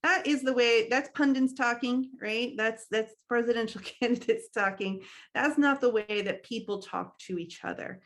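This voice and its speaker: A woman's voice: on the high side, moderate pace, a bit bright. A young adult woman leading a training workshop, talking in a conversational way with frequent fillers and small laughs. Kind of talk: instructional talk.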